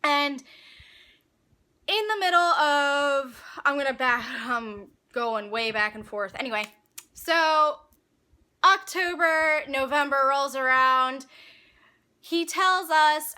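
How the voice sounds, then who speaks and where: A young woman casually telling a story about her college days, chatty and animated, with lots of fillers and asides. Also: sits high, measured pace. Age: young adult. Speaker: vlogger.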